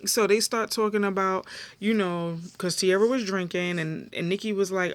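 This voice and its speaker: A tired woman chats through a reality show recap in loose, slangy talk full of fillers. Her voice sits at a middle pitch. It is recorded dry and close, with no room sound. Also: normal speed, no echo. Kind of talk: casual episode recap.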